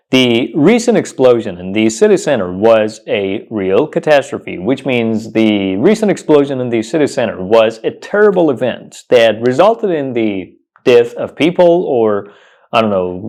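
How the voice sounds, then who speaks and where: A man teaching English pronunciation, saying each word slowly several times and asking the viewer questions. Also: medium pitch, darkish tone. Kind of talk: pronunciation lesson.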